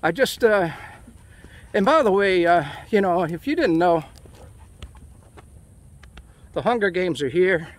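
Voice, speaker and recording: A man's voice: high-pitched, lively intonation, takes it slowly, long pauses. Rambling middle-aged man ranting outdoors. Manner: emotional, ranting, with frequent fillers. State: hot and sweaty from walking. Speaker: vlogger. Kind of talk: casual walking vlog. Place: outdoors in a park, walking.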